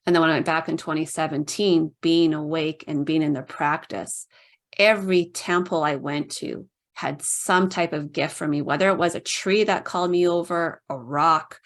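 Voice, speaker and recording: A woman's voice: deep voice, fairly even intonation, moderate pace. A middle-aged woman telling stories casually as a podcast guest, chatty, with many "like"s. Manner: chatty, fills speech with "like", puts on voices for quoted people. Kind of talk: casual storytelling.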